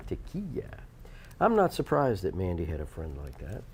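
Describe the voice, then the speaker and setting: A man's voice: low-pitched, wildly swooping pitch, fairly quick, a crowd in the background. A man hosting local television, teasing his co-host and reading sponsor plugs in a playful way. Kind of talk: casual banter and ad reads. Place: TV studio.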